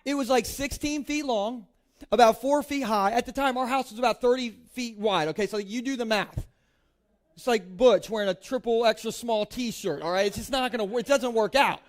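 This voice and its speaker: A man's voice: very high-pitched, moderate pace. A man in his thirties from Delaware, preaching to a congregation in a casual, joking way with lots of playful asides. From Delaware, United States. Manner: chatty, peppers speech with "like", playful asides. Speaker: pastor. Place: church stage before a congregation.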